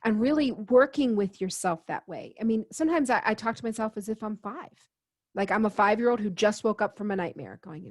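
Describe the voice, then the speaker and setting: Woman, interview guest, earnest, conversational storytelling, mid-range pitch. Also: expressive, fairly quick. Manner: earnest, quotes herself and others in dialogue. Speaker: guest healer.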